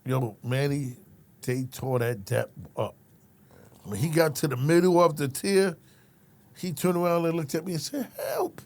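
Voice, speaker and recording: With a fairly high pitch, normal speed and a slightly mellow sound, a middle-aged man who used to be a correctional officer launches into animated storytelling during casual conversation. He curses freely, talks streetwise, impersonates his characters, and keeps saying his listener's name.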